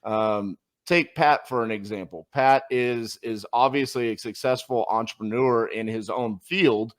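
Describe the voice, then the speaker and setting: A man's voice: mid-range voice, unhurried. A man hosting a casual interview podcast, talking in an upbeat, enthusiastic way. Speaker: podcast host.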